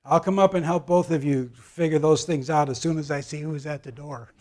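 A man's voice: a little high, steady tone, brisk, darkish tone, lightly acted. A man voicing a self-satisfied, forgetful old woman in her nineties who mocks her sisters. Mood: smug.

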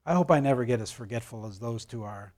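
Guy doing a smug little old lady in her nineties, quietly poking fun at her sisters. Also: medium pitch, quick pace, lightly acted.

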